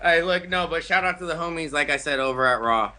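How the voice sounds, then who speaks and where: High-voiced, swearing stoner host. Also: male voice, fast talker, bright, forceful tone. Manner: profane, laid-back, laughing often. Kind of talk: casual live-stream chat.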